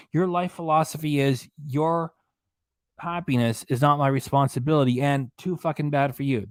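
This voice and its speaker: Ranting man, somewhat high voice, indignant commentary, dry close sound. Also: no echo. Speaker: reaction channel commentator. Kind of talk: angry commentary.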